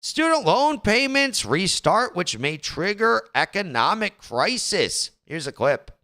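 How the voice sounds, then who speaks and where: Bright animated male talk host. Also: high voice, takes it slowly. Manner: animated storytelling, acts out quoted arguments loudly. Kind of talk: casual talk show chat.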